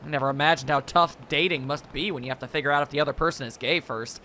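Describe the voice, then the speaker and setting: A man voicing a lovesick, heartbroken young woman in a video game, reading her lines in a lowered, subdued tone. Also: fast talker, sharp tone. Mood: glum.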